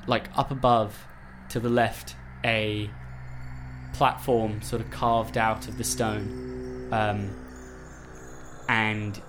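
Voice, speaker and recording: A man narrating a tabletop game as game master, hesitant and filling pauses with "um". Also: medium pitch, slight background noise. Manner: unhurried, hesitant, many "um"s.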